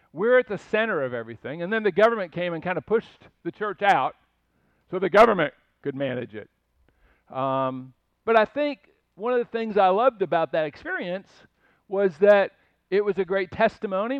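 Older male pastor, high voice, chatty sermon with asides; dry, slightly dull recording. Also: no room sound. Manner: conversational storytelling with asides and rhetorical questions.

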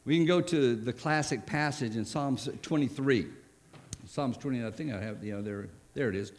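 Male preacher of middle pitch, giving a conversational sermon in church. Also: normal speed. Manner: conversational, with frequent restarts and asides.

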